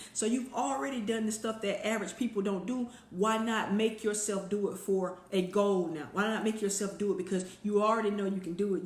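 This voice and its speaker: Woman, mid-pitched voice, lively motivational live-stream host talking to her viewers, in an echoey room. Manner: energetic and conversational, speaks straight to viewers. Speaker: motivational speaker hosting a weekly live stream.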